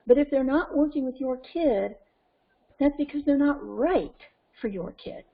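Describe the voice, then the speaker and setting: A woman parenting coach with a North American accent teaching a webinar in an animated way, acting out scenes. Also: high voice, a little slow, vocal fry. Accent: North American English. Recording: lo-fi conference call audio.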